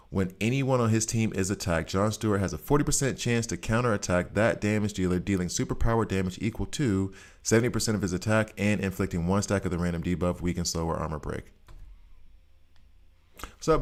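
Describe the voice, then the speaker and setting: Tired, rambling deep-voiced man. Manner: rambling, chatty, drifts into Southern twang. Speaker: mobile game guide host. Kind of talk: casual gameplay commentary.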